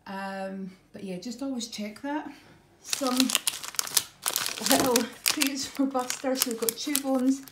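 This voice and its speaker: A woman's voice: high voice, steady tone, takes it slowly. A middle-aged woman, chatting through her grocery haul in a homely way, full of ums and a little out of breath. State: a bit out of breath. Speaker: vlogger. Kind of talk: casual grocery haul chat. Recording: echoey room, faint noise.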